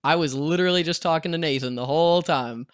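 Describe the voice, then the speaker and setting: A man's voice: a little high, fast talker, clean tone, no echo. Young man telling a story, dry sound. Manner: casual storytelling, acts out quotes. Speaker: vlogger. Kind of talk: storytime vlog.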